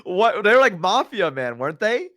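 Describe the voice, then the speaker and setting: A man's voice: sits high, normal speed, no echo, studio quality. A man chatting casually as a stream guest, telling rambling stories full of fillers. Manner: animated rambling storytelling, lots of "like". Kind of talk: casual chat on a collab stream.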